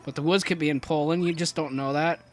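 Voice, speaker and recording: A young man talks his way through a video game in a loose, rambling commentary, stumbling over his words and breaking into jokes. His voice sits somewhat high for a man. Faint game music plays underneath him. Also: fast. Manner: rambling, joking, many restarts and fillers; jumps to high excited yelps. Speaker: let's play commentator.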